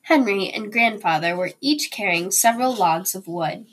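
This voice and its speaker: A woman teacher reading a children's chapter book aloud to her students, slow and deliberate. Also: mid-range voice, animated, a bit bright, husky.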